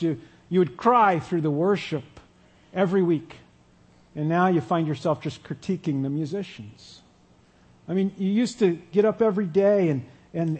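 A male pastor preaching a sermon in a relaxed, conversational way, often asking the audience questions. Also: high voice, husky.

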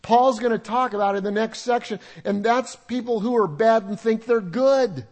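A man's voice: high-pitched, a little mellow. An older man, a grandfather, preaching a conversational sermon to a congregation, mixing humor and asides with scripture reading. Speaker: pastor. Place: church sanctuary with congregation.

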